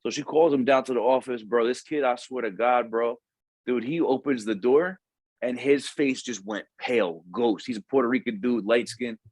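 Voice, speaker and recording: A young man at a middling pitch tells a recruiting story in a dry, close recording. His talk is slangy and loose, full of swearing. He jumps into the voices of the people he quotes. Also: normal speed, no echo. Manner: animated, profane, slangy, acts out quoted voices. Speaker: Marine recruiter. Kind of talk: casual podcast storytelling.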